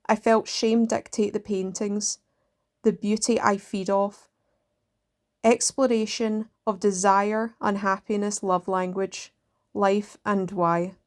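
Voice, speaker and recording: A woman reading poems aloud in a slow, measured way, pausing between lines. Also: mid-range voice, level tone. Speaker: poetry reader.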